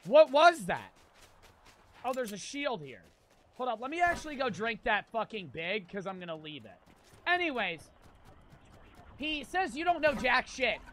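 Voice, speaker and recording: A man's voice: sits high, very animated, unhurried, pauses often, a bit bright, a little hiss or hum. A man in his twenties streaming a game, telling a rambling story between profane trash talk. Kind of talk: casual storytelling while gaming.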